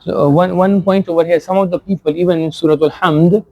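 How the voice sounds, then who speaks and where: A man teaching recitation rules, patiently explaining pronunciation and gently correcting the reciters. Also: high-pitched, steady tone, fast, few pauses, dry recording, highs cut off. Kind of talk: tajweed lesson with corrections. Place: community centre prayer hall.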